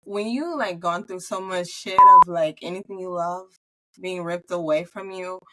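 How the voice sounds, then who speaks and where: A woman's voice: on the low side, normal speed, heavy background noise. A young woman talking candidly on a podcast, swearing freely and fighting back tears as she speaks about friendship. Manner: candid, profane, tearful at times, quoting herself loudly. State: close to tears. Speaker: podcast co-host. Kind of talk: emotional casual chat.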